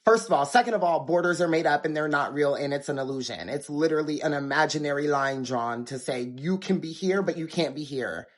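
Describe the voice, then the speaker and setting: A young man giving a casual opinion rant to camera, full of "like" fillers. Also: on the high side. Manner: casual, filler-heavy, frequent "like".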